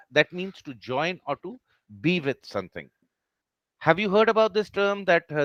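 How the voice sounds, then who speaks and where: A man's voice: on the high side, fairly bright tone, no echo. A man teaching an online class over a video call, who explains each point patiently and keeps checking that his students follow.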